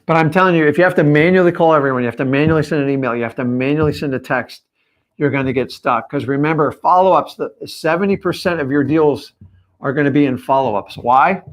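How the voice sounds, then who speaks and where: A man coaching his audience on a live stream, with a voice pitched somewhat high for a man. He talks straight at the viewers, pressing each point with blunt emphasis. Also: quick pace. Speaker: real estate coach.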